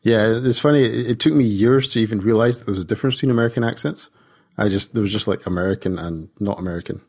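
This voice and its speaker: A man's voice: fairly low pitch, fast talker, darkish tone. A man with a Scottish accent, co-hosting a podcast in a chatty way. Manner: chatty, uses "wee". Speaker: podcast co-host. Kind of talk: casual podcast chat.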